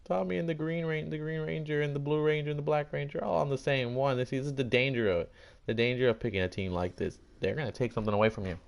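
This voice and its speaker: A man's voice: mid-range voice, quick pace, gravelly. A young man commentating a video game draft in a casual, playful way, acting out the teams' reactions. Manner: animated, playful, acts out brands in voiced quotes, swears casually. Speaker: gaming commentator.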